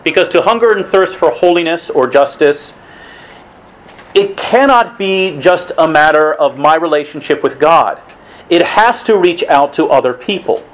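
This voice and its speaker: A man's voice: on the high side, expressive, normal speed, fairly bright tone, rough recording. A man giving a conversational religious talk to a weekly evening group, casual in tone, with restarts and asides.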